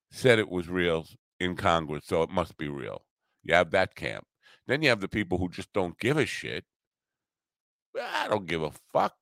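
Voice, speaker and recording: A man's voice: fairly low pitch, fairly bright tone, no room sound. A man hosting a podcast, delivering a profane, sarcastic, opinionated monologue. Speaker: podcast host.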